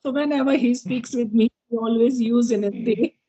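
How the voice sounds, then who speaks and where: Hesitant middle-aged Indian woman, higher voice. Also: normal speed, dark tone, lo-fi sound. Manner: hesitant, many fillers and restarts. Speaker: interviewee, NGO director. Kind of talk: casual English practice conversation.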